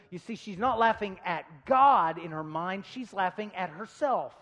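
Pastor, male, 30s, high-pitched preacher with loud peaks and soft asides, church sanctuary. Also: animated, a little slow, few pauses. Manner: dynamic preaching, swinging between loud emphasis and quiet asides; humorous storytelling asides. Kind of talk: sermon. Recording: long reverb of a large hall.

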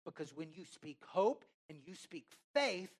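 A preacher with a mid-range voice and lively intonation delivers a sermon full of emphatic, drawn-out words, swinging between loud and soft, asking the congregation questions and having them repeat phrases.

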